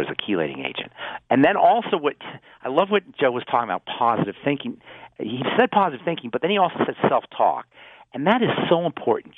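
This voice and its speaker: Animated man on a phone-line radio call. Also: mid-range voice, dry recording. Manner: earnest, animated explaining with restarts. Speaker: pharmacist guest.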